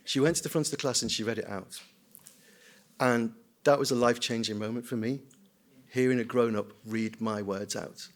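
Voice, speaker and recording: A man's voice: mid-range voice, fairly even intonation, moderate pace. Older man, screenwriter, conference talk, anecdotal, self-deprecating, mimics voices. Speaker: screenwriter and children's writer giving a conference talk. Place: conference hall.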